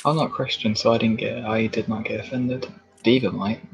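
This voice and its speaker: A man's voice: on the low side, little pitch movement, normal speed, creaky, a little hiss or hum, poor audio. A man co-hosting a casual cooking vlog, teasing and laughing along with his partner. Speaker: co-host. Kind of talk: casual chat.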